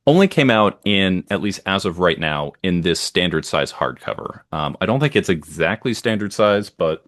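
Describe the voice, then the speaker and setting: A deep-voiced man talks eagerly and at length, circling back with fillers as he goes. His voice is low and close, with no room around it. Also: expressive, moderate pace, a bit bright, no room sound. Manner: enthusiastic, rambling with many fillers. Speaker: podcast co-host. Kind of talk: casual chat.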